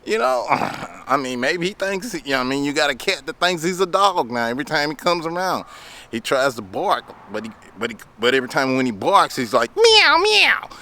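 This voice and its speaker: A man talks straight to his viewers, loose and chatty, chuckling as he goes. His voice is bright and forceful, at a middle pitch. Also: expressive, brisk. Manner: chatty, laughing, addresses viewers as y'all. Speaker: lawn care business owner. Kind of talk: casual storytelling vlog.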